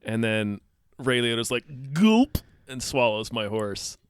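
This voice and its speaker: A man co-hosting a podcast, telling an improvised comic story in halting, deadpan narration. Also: medium pitch, smooth, no room sound, clean studio sound. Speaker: podcast co-host. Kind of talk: improvised comedic storytelling game.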